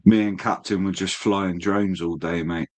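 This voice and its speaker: A man's voice: sits low, steady tone, normal speed, slight background noise. A man chatting casually as a stream host, laid-back, swearing freely and calling people mate. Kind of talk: casual chat.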